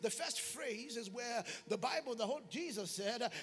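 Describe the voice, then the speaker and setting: A man's voice: extremely high pitch, lively intonation, normal speed, a bit bright, slightly rough. A man preaching a fervent call-and-response sermon in a church hall, with faint music behind. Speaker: pastor.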